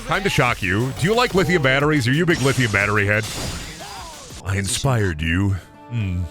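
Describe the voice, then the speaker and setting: A man streaming a video game, riffing with profane jokes in casual commentary. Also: mid-range voice. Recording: voice over loud game music.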